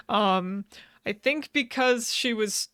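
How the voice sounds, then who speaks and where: A woman's voice: fairly high pitch, fairly bright tone, clear, resonant tone. A woman co-hosting a podcast, casually recapping a book's plot, swearing freely and laughing often between sentences. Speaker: podcast co-host. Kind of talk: casual book recap chat.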